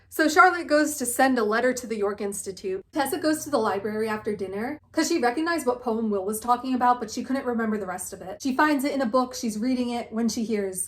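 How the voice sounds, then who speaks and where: A young woman giving a casual, joking book recap on her vlog, quoting characters as she goes. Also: fairly high pitch. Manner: animated, jokey, quotes characters with "she's like". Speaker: book vlogger.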